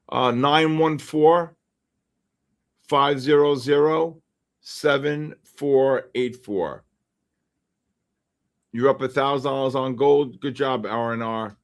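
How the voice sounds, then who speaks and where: A man hosting a live futures trading stream, chatting casually and coaching viewers by name as the markets move. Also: mid-range voice. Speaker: futures trading livestream host.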